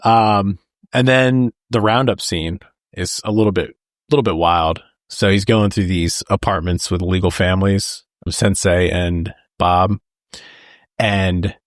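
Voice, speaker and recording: A man's voice: low voice, unhurried, no echo, studio quality. A man co-hosting a podcast, retelling movie scenes in casual chat and acting out the lines with laughs. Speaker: podcast co-host. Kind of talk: casual film discussion.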